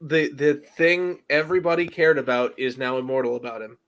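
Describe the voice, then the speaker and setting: A man who is a guest fan on a casual show review, tossing in jokes and quick quips. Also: medium pitch, level tone, fairly bright tone.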